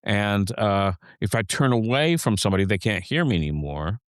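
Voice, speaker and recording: A man's voice: lowish voice, big pitch swings, moderate pace, clear, resonant tone, dry recording, studio quality. A man co-hosting a podcast, a teacher, chatting casually and rambling with lots of fillers and restarts. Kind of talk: casual chat.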